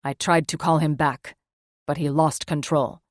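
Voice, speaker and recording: A woman's voice: sits low, fairly even intonation, a little slow, no echo, studio quality. A woman voicing an earnest, devout male werewolf, emphatic and heartfelt.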